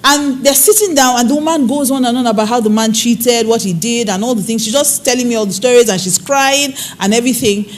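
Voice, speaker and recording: A woman counselor giving a preaching-style talk on marriage, telling stories with lively swings in her voice. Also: brisk, hardly any pauses. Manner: expressive storyteller, swings pitch and acts out quoted people. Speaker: infidelity recovery counselor speaking on marriage.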